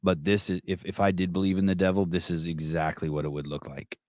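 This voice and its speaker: A man's voice: sits low, little pitch movement, quick pace, darkish tone, no room sound, studio quality. A middle-aged man hosting a live call-in podcast, brash, mocking and profane in casual chat. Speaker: podcast host.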